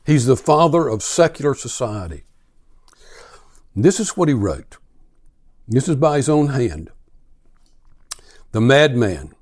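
A man preaching a sermon, speaking slowly and emphatically and building to intense, questioning passages as he reads aloud. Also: mid-range voice, very animated, darkish tone, husky. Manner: slow, emphatic delivery, rising to intense questioning when reading aloud. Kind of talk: sermon with dramatic reading.

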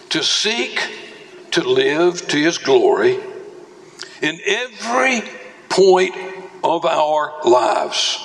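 A man preaching a sermon as pastor, slow and emphatic, with dramatic swings in pitch. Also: fairly bright tone. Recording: long reverb of a large hall.

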